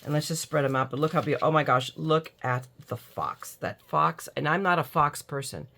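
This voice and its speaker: A woman's voice: sits low, brisk, creaky, a bit bright. A middle-aged American woman chatting casually while unboxing crafts, gushing and drowsy from allergy medicine. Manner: chatty, gushing, self-mocking, yawning. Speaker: crafting YouTuber.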